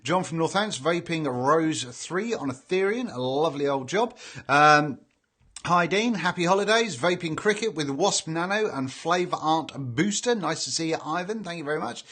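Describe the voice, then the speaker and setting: A cheerful British man hosting a live stream, reading out viewers' names and greetings in a relaxed, chatty way. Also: fairly high pitch, moderate pace. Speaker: livestream host reading chat. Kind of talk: casual live chat.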